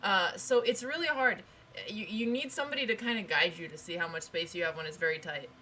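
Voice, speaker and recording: A young woman co-hosting a stream, telling a rambling, animated story in casual chat, full of restarts. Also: on the low side, brisk, slight background noise. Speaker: stream co-host.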